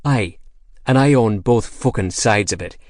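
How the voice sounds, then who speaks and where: A man voicing a gruff, foul-mouthed male dwarf crime boss with a put-on Scottish brogue, slow and mocking. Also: on the low side, a little mellow, no room sound, studio quality, lightly acted. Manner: profane, menacing, jovial.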